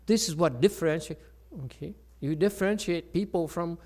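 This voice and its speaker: A man's voice: fairly high pitch, moderate pace. Older male Chan teacher, lecturing loosely, keeps asking okay, bursts of emphasis. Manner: frequent okay tag questions and restarts; animated, voice jumps up when emphatic. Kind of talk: Dharma talk.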